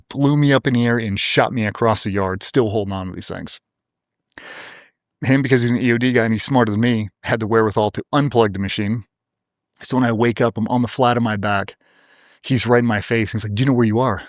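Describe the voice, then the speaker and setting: A man's voice: on the low side, dry recording, clean studio sound. Blunt, profane man telling a story. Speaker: interview guest, former special operator. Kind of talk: storytelling in a podcast interview.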